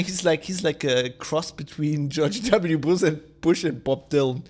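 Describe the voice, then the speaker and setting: A man's voice: fairly high pitch, measured pace, hardly any pauses. Joking man streaming a game. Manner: rambling, joking, reads game text aloud. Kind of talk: casual let's-play commentary.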